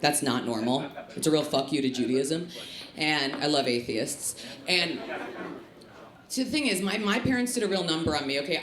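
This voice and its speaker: A woman from the Chicago area doing a stand-up comedy set on a club stage, with a punchy, lively delivery. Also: deep voice, moderate pace. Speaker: stand-up comic. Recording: live club with echo and crowd laughter. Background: laughing audience.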